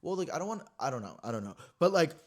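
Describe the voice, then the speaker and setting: A young man hosting his own podcast from home, telling a personal story in an animated, gossipy way, full of "like" and swearing. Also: fairly high pitch, racing. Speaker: podcast host. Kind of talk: casual storytelling chat.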